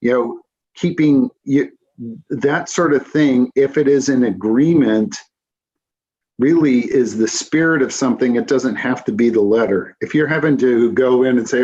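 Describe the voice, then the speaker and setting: In a council meeting, a man with a mid-range, slightly slow, mellow, and somewhat rough voice gives frank, dry remarks. He hesitates a lot, restarting and using fillers, and the lo-fi recording sounds a bit dull.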